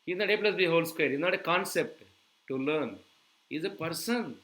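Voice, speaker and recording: A man giving a sermon, animated and full of rhetorical questions to his audience. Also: fairly high pitch, moderate pace, poor audio. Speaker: preacher.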